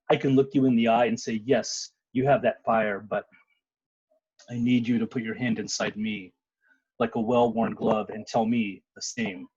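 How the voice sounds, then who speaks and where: A man giving a dramatic spoken word poetry reading, with sudden loud outbursts. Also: mid-range voice, slightly rough, dry recording. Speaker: poet. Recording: muffled lo-fi sound.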